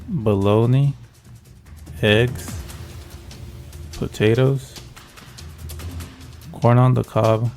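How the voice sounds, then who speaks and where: A man's voice: lowish voice, vocal fry, darkish tone. A man hosting a comedy video, translating clips in a dry, mock-serious way. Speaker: video host. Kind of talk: comedic commentary.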